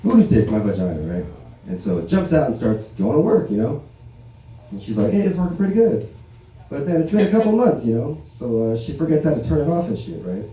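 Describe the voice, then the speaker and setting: A man's voice: medium pitch, sing-song, brisk, warm tone. A man from Los Angeles doing a casual, profane stand-up set, telling stories and tagging lines with "right?". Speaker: stand-up comedian. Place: barbershop comedy show. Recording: very echoey room, mic far away.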